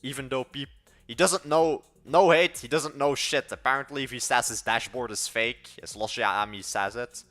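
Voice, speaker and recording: Bright-voiced Belgian teen streamer. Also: male voice, mid-range voice, moderate pace, soft background music. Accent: Belgian, mixed European-sounding. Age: late teens. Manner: rambling, self-correcting, blunt opinions. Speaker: livestreaming coder. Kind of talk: casual livestream chat answering viewers.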